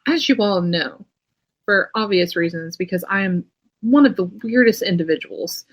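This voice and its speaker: A young woman co-hosting a podcast in casual chat, animated and swearing freely. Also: on the low side, rough recording. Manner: animated and profane, quick bursts of excitement. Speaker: podcast co-host.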